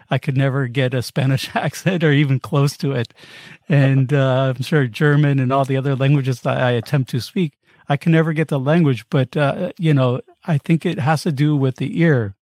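A man's voice: medium pitch, fairly even intonation, normal speed, a little mellow, no room sound, clean studio sound. A man from the East Coast of the United States hosting a podcast, chatty and self-deprecating as he tells stories. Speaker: podcast host. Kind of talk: conversational interview.

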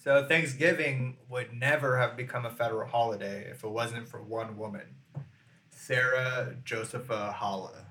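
A man co-hosting a podcast, telling a history story in a casual, deadpan way with fillers. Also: mid-range voice, moderate pace. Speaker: podcast co-host. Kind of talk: casual chat. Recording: echoey room.

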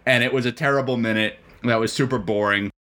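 A man's voice: medium pitch, fairly even intonation, fast, a bit bright. A man co-hosting a comedy podcast, recapping a scene in a dry, exasperated way. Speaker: podcast co-host. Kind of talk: casual comedic chat.

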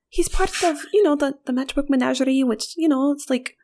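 A woman player speaking in character, worried and halting with many fillers. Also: sits high, darkish tone. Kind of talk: in-character role-play.

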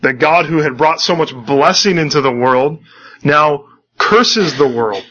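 A man's voice: fairly high pitch, lively intonation, unhurried, fairly bright tone, highs cut off. A man preaching a sermon, earnestly reading scripture and commenting on it, often repeating words as he restarts.

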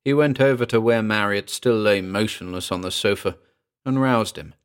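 Male audiobook narrator, low voice, quiet measured delivery of a ghost story. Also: clean tone.

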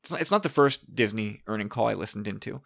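A man hosting a podcast in casual, excitable chat, often restarting his sentences. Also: on the low side, fast, creaky. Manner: chatty, excitable, with frequent restarts. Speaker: podcast host.

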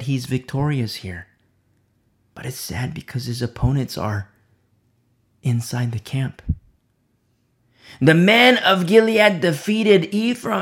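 A man preaching a verse-by-verse sermon who swings from loud emphasis to hushed whispers and repeats key phrases for weight. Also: sits high. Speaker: preacher leading a Bible study.

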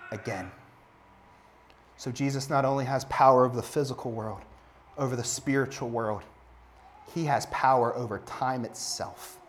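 A man preaching a sermon, building to emphatic, passionate peaks and then dropping to soft, quiet phrases. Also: medium pitch.

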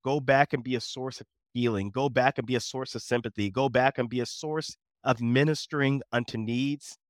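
A man's voice: mid-range voice, fairly even intonation, moderate pace, no echo, studio quality. Earnest preacherly man. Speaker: co-host of a Bible study show. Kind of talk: sermon-like Bible lesson discussion.

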